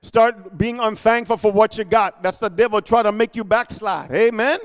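A man preaching a sermon, animated, with constant call-and-response amens and hallelujahs. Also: high voice, moderate pace. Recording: echoey hall.

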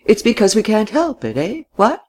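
A man voicing a forgetful, genial old gentleman who babbles in high, fussy exclamations. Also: wildly swooping pitch, moderate pace, full character voice. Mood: musing. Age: older.

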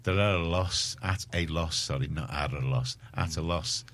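Very deep-voiced Liverpool radio host. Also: male voice, moderate pace, a bit bright. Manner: rambling, chatty, self-mocking. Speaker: radio presenter. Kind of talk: casual community radio chat. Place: radio studio.

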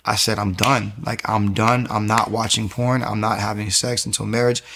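A young man giving an emotional personal testimony as an interview guest, telling his story in an animated way and repeating phrases for emphasis. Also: on the low side, normal speed, vocal fry, noisy background.

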